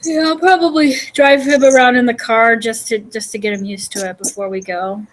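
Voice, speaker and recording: A woman hosts her own vlog in easy, casual chat. Her voice sits a bit higher than most. She rambles along and leans on filler words. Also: fairly even intonation, brisk, low-quality recording. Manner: chatty, rambling with many fillers. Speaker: vlogger and host.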